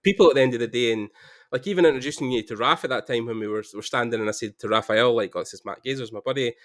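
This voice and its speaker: A man's voice: mid-range voice, very fast. A Scottish man chatting casually on a podcast, rambling with lots of fillers. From Scotland. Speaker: 3D artist guest.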